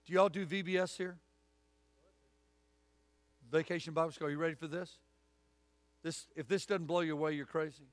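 Folksy preacher, higher voice. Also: male voice, fairly even intonation, moderate pace, pauses often, no room sound. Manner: folksy, storytelling, punchy emphatic lines. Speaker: guest preacher. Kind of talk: sermon with altar call. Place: church sanctuary.

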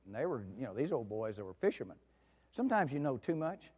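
A man preaching a sermon at a middle pitch, telling stories in a folksy way. He drops to soft asides and then rises to loud outbursts. His voice carries a long reverb, as in a big hall. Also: very animated, fast talker, slightly rough.

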